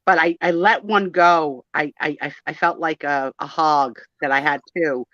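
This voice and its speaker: A woman's voice: low-pitched, normal speed, fairly bright tone, dry recording, muffled recording. A woman co-hosting a live vintage sale, chatting casually and joking about herself. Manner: chatty, jokey, self-mocking. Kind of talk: casual chat. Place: home, selling vintage items on a live stream.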